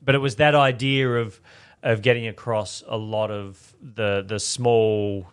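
A man with a slightly low voice talks through a film in a measured, thoughtful way. He takes his time building each point. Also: steady tone, smooth. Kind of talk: casual film review chat.

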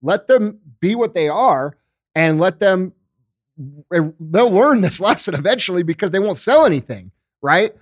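Middle-aged guy on a podcast, kinda high voice, swears a lot, says bro and dude, super dry mic. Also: animated, a little slow, dry recording. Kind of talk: casual political chat.

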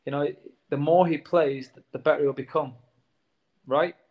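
A former footballer talking casually in an interview, earnest and warm toward the players, tacking "mate" onto his sentences. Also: a little high, steady tone, moderate pace, narrow, tinny audio. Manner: earnest, says "mate" a lot.

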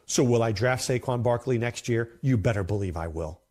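A man's voice: mid-range voice, moderate pace, darkish tone. A man hosting a fantasy football show, talking casually and emphatically, often repeating himself for effect. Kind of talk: casual commentary to camera.

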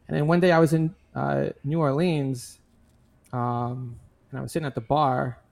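A man's voice: mid-range voice, little pitch movement, normal speed, creaky, a little mellow. A man as a guest in a casual interview, talking in a loose, rambling way with lots of fillers. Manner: rambling, filler-heavy, laid-back. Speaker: guest, skate video maker.

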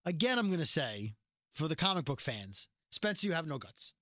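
A man talking through a show recap in casual, animated chat, slipping into playful voices for quotes. His voice sits high and sounds bright and clear. The sound is dry and close. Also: moderate pace, no room sound. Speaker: podcast co-host.

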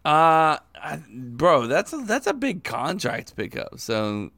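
A man's voice: on the high side, huge pitch swings, takes it slowly, a bit bright, no echo. A man hosting a casual sports podcast, joking around and swearing freely. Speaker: podcast host.

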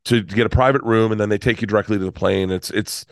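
A man's voice: lowish voice, fairly even intonation, fast, gravelly, no room sound, studio quality. A man in his fifties, a comedian guest telling a rambling story full of restarts and swearing. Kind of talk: storytelling in conversation.

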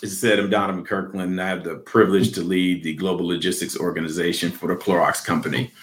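A male guest on a panel with a very low voice. He speaks in a friendly, measured way about his work. His answers are calm and steady. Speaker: guest, logistics executive. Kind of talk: panel interview.

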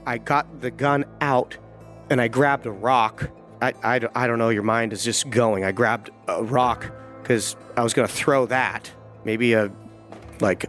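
A hunting guide telling a tense first-person story, vivid and halting, with frequent restarts. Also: male voice, mid-range voice, a bit bright.

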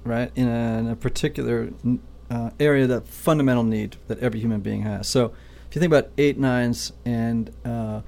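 Male guest, gravelly voice, reflective and explanatory, teaching tone. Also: mid-range voice, fairly even intonation, normal speed, few pauses, darkish tone. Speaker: podcast guest, Enneagram teacher. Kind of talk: casual podcast conversation.

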